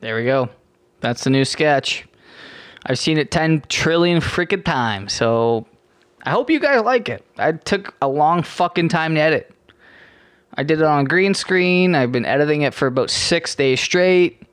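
A man's voice: on the high side, animated, a little slow, fairly bright tone, clear, resonant tone, no room sound. A young Canadian man hosting his podcast in a profane, sarcastic, rambling rant with many restarts. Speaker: podcast host. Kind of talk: casual ranting monologue.

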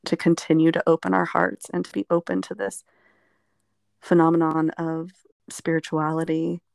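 A woman's voice: on the low side, creaky, darkish tone, dry recording, studio quality. A woman therapist telling a reflective personal story in conversation, meandering with fillers. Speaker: therapist guest.

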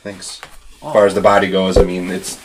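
A man's voice: deep voice, flat delivery, a little fast, a little hiss or hum. A man running a tabletop game as game master, talking loosely with fillers and swearing. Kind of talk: narrating a tabletop game, casual chat.

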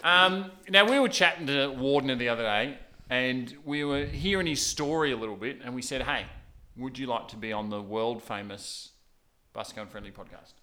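A man's voice: mid-range voice, normal speed, sharp tone. A man co-hosting a podcast in casual, teasing chat. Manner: jokey, teasing. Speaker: podcast co-host.

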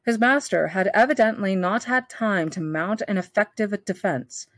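A woman reading a novel aloud for a book club, steady and now and then correcting herself. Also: medium pitch, normal speed, no room sound.

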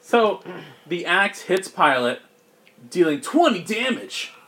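Guy gm'ing a tabletop game, slightly high voice, loose and jokey, lots of uhs. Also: sing-song, takes it slowly, background noise. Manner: loose, joking, filler-heavy narration. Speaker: game master.

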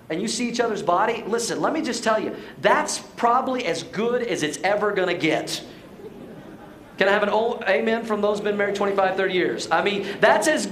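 Man, pastor, playful emphatic sermon, high voice, roomy church echo. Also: fairly bright tone, a little hiss or hum. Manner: playful, joking, emphatic preaching. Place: church sanctuary.

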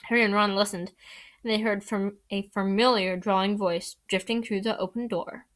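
A woman reading a novel aloud and doing character voices, lively, with frequent stumbles and restarts. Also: mid-range voice, normal speed. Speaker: reader.

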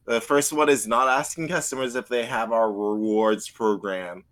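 A man's voice: medium pitch, steady tone, moderate pace, a bit bright. A man chatting casually on a livestream, rambling through work stories with many restarts. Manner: rambling, self-correcting storyteller. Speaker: co-host.

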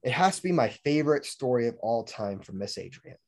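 A fitness coach in his twenties hosts a casual podcast chat, energetically telling stories packed with "like" and frequent laughter. His voice is medium-pitched and his pace brisk.

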